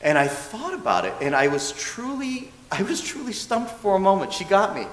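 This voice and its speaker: A man serving as a minister's assistant gives a dharma talk, telling a story in a lively, self-mocking way and acting out what people said. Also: high-pitched, moderate pace. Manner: lively, self-mocking storyteller who often laughs and acts out quotes. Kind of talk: storytelling sermon. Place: church hall. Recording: echoey hall with faint hiss.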